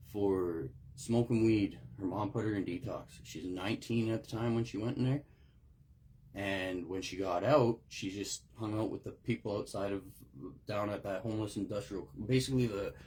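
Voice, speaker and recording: Man, low husky voice, profane, rambling, emotional, near tears. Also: darkish tone. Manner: profane, raw, rambling with restarts. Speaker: recovery video host. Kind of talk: unscripted monologue.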